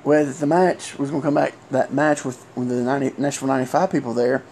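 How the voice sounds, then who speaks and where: A middle-aged man, a former wrestler telling an old story casually, halting and rambling with many fillers. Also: mid-range voice, steady tone, a little mellow, a little hiss or hum.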